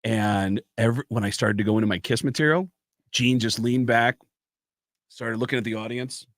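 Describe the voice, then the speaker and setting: A man, a comedian and impressionist, telling stories on a podcast in an animated way and acting out the people in them. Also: mid-range voice, normal speed, no room sound, clean studio sound. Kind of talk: podcast storytelling.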